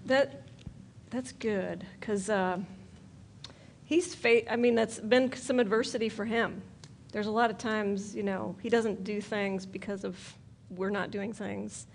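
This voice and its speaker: A woman speaking to a church group, leading questions and comments in a relaxed, self-deprecating way. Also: mid-range voice, a little slow, vocal fry, slight background noise. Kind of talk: church talk with audience questions.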